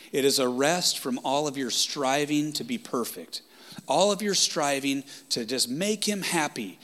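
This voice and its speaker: A man preaching a sermon with passion, swinging from loud outbursts down to hushed whispers. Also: mid-range voice.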